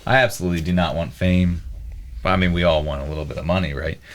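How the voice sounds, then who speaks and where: Podcast guest, man in his late 30s, very low voice, halting and thinking aloud. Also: steady tone. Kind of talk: casual podcast discussion.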